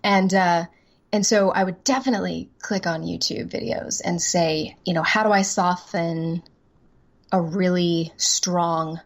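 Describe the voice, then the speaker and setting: A woman's voice: fairly low pitch, steady tone, measured pace. A woman voice-over actress chatting as an interview guest, rambling and self-deprecating, laughing easily. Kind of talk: casual interview chat.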